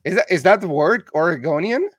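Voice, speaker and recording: A man's voice: sits high, lively intonation, a little fast, no echo, studio quality. A man from Canada hosting a casual online interview, friendly and chatty with many "uh"s, still in his morning voice. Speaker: interview host.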